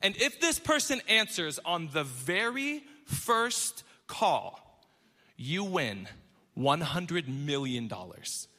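A man in his thirties preaching a sermon on stage to a congregation, telling stories with animated, self-deprecating humor. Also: on the high side, takes it slowly, big-room sound. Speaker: pastor. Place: church stage before a congregation.

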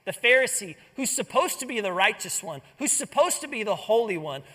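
A man's voice: sits high, very animated, a little fast, hardly any pauses, a bit bright, long reverb tail. A man preaching a sermon, telling a Bible story with earnest rhetorical questions. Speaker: pastor.

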